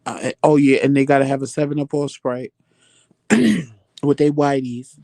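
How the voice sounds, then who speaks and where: A man hosting a casual live chat, answering viewer comments with animated, profane storytelling. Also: medium pitch, moderate pace, no room sound. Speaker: livestream chat host.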